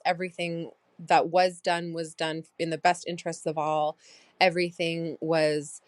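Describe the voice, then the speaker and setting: A woman's voice: deep voice, little pitch movement, unhurried, no echo. A woman in her thirties hosting a personal diary podcast, reflective and rambling with many fillers. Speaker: podcast host.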